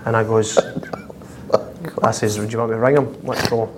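A man with a Scottish accent, a footballer guest telling prank-call stories with lively laughter and constant "I says". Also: on the low side, normal speed, noisy background. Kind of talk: anecdotal storytelling.

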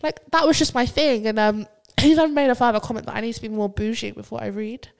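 A woman's voice: a little high, fast talker, gravelly, clear, resonant tone. A woman, a poet chatting animatedly as a podcast guest. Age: 20s. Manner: animated and expressive, mock-quoting others. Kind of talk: casual chat.

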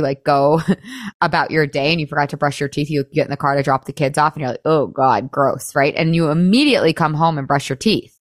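Chatty, lower-voiced woman coach. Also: no room sound, clean studio sound. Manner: chatty and upbeat, full of "like" and quick laughs. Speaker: weight-loss coach and podcast host. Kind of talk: casual coaching talk.

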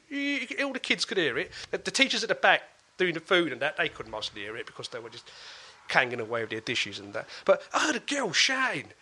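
An East London man with a bright, clear tone and a lively voice that climbs and drops a lot. He tells stories in a casual chat and slips into voices for the people in them. He sounds like he is in his forties. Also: on the high side. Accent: London English. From East London, England.

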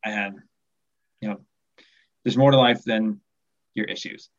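A man in his forties, a podcast guest, speaking softly in casual chat and trailing off at the ends of phrases. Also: fairly low pitch, fairly even intonation, slow, muffled recording. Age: 40s.

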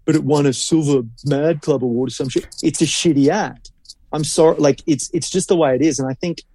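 Man, blunt and sweary podcast chat, mid-pitched voice, dry close sound. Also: warm tone, slightly rough, dry recording. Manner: blunt, swears freely, fast and opinionated. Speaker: podcast co-host, marketing creative.

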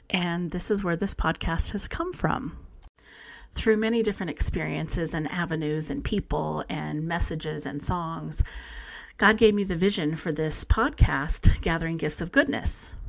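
Earnest woman in her forties, lowish voice. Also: creaky. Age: 40s. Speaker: podcast host. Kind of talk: faith podcast monologue.

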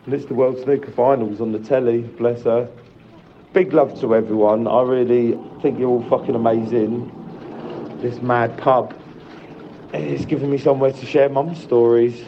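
A man's voice: mid-range voice, little pitch movement, normal speed, lo-fi sound, a little hiss or hum. A man who cares for his mother, telling an emotional story in a voice note. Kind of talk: sent-in voice note.

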